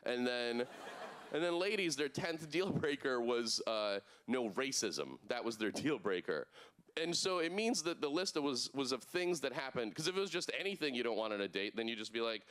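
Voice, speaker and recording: A man doing a stand-up comedy set on a club stage, deadpan with sudden put-on voices in his bits. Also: fairly high pitch, normal speed.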